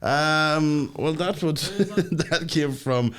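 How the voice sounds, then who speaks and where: A man's voice: on the high side, extremely slow, fairly bright tone. A young man co-hosting a podcast, joking, swearing and reading out listener questions. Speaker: podcast co-host. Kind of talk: casual chat.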